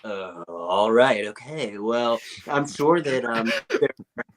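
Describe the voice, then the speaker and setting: A man doing an impression of a famous male actor, speaking slowly and haltingly with many pauses and fillers. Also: mid-range voice, animated. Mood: drawling. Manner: slow, halting delivery with fillers.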